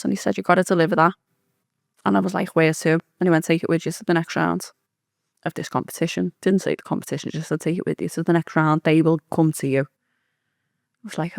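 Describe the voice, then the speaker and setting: In a clean, studio-quality recording with no room sound, a woman with a fairly low, gravelly voice tells a story as a podcast guest. The chat is casual, and she's animated, swearing freely and acting out what people said.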